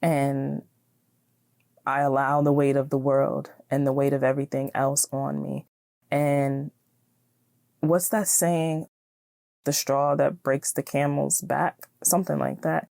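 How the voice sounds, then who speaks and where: Woman podcast host, low register, easygoing and encouraging, dry close sound. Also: level tone, takes it slowly, gravelly, long pauses, a little mellow, dry recording. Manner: chatty, encouraging, laughs often. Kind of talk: casual solo podcast talk.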